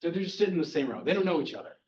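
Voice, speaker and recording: This podcast host's fairly high, slightly mellow voice is animated and racing as he casually recaps a comic book plot. He's chatty and wry, speeding through the plot points on a roomy, distant, dull-sounding mic.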